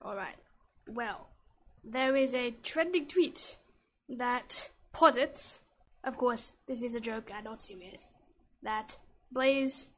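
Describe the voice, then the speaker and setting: Australian woman co-host, casual podcast chat, bright high voice, giggly. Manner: chatty, laughs while explaining.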